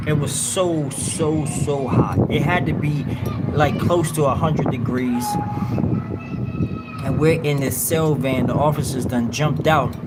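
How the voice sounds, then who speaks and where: Slangy man telling a story on a noisy stream. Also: fairly high pitch. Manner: animated street slang storytelling, acts out others. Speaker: livestream host. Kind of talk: casual storytelling.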